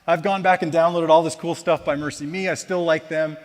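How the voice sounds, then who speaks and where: A man's voice: on the high side, steady tone, brisk, long reverb tail. Self-deprecating man telling a church testimony. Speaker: church member giving a personal testimony. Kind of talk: personal testimony told as a story. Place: church auditorium.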